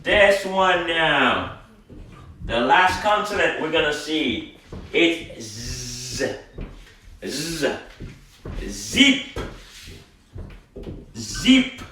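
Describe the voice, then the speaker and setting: A man gives a slow, careful language lesson, saying each word several times and spelling it out. His voice is bright and a touch high. The recording is very echoey, with the mic set some way off. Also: lively intonation, a little hiss or hum. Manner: slow, drawn-out word repetition for practice. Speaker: language teacher. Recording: very echoey room, somewhat far from the mic.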